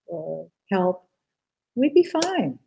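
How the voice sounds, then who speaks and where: A middle-aged woman speaks as an interview guest, her voice warm and mellow. She tells earnest stories in a casual way, with plenty of fillers. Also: on the low side, big pitch swings, drawn-out words, vocal fry, a little hiss or hum, low-quality recording. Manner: earnest storytelling, frequent fillers.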